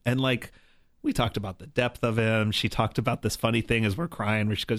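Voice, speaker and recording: A man with a fairly low voice recounts a personal story as a guest. He is earnest and reflective, leaning on "like" and "right?" as he talks. The sound is dry and close to the mic. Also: fairly even intonation, a little fast, dry recording. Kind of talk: conversational storytelling.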